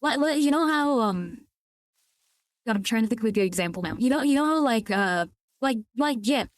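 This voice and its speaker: A woman's voice: a little high, expressive, moderate pace, dry recording. A young woman with a Californian accent, chatting casually on a gaming stream, rambling with many restarts and casual swearing. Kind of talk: casual live-stream chat while gaming.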